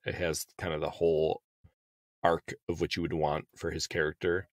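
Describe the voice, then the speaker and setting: A man's voice: very deep voice, little pitch movement, normal speed, no echo, studio quality. A man co-hosting a podcast, chatting in an upbeat, casual way. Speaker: podcast co-host.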